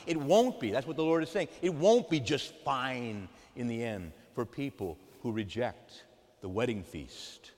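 A man preaching a sermon as a priest, emphatic, swinging between loud outbursts and hushed asides. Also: medium pitch, lively intonation, moderate pace. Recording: long church reverb.

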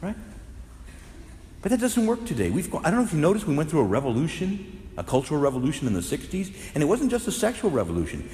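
Man, Catholic priest, sermon, lively pitch, echoey hall recording. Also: fast. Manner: animated storytelling preacher, swings from hushed to loud. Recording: echoey hall with faint noise.

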